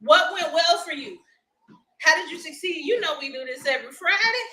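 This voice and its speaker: A woman's voice: very high voice, lively intonation, normal speed, pushed and bright, reverberant, a little hiss or hum, low-quality recording. A woman, hosting a casual live motivational chat, upbeat and laughing often as she talks to viewers. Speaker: livestream host.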